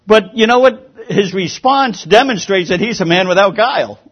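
A man preaching a sermon, lively and emphatic, often restarting his words. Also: high-pitched, normal speed. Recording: dull lo-fi sound.

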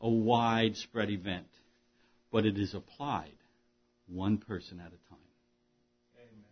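Husky-voiced man preaching a sermon. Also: lowish voice, fairly even intonation, measured pace, long pauses, highs cut off. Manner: earnest, swings between hushed and emphatic. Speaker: pastor.

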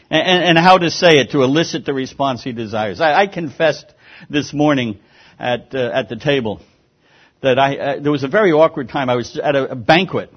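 A man preaching a sermon, lively and emphatic, often restarting his words. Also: medium pitch. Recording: dull lo-fi sound.

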